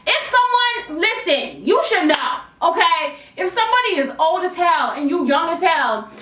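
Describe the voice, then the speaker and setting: A young woman tells a storytime tale from her bedroom for her YouTube channel, playful, animated and slangy, raising her voice on camera. Her very high voice moves at a moderate pace, and the echoey room, distant mic and noisy background come through.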